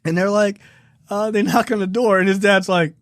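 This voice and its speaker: A man's voice: high-pitched, steady tone, normal speed, no echo, clean studio sound. A man co-hosting a film review podcast in loose, profane casual chat, laughing and acting out lines from the show. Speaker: podcast co-host.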